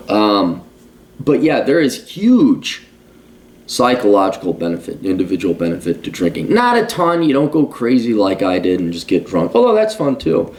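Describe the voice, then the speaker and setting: A man's voice: fairly low pitch, darkish tone. A man in his forties in a casual monologue as a podcast host, blunt and profane, ranting. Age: 40s.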